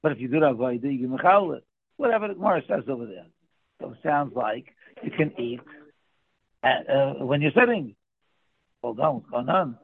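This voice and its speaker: A man's voice: medium pitch, lively intonation, fairly quick, creaky, long pauses, slightly rough. A man teaching a daily Talmud class, explaining the text by posing questions and answering them himself. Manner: explains by asking and answering his own questions. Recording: tinny phone-like line.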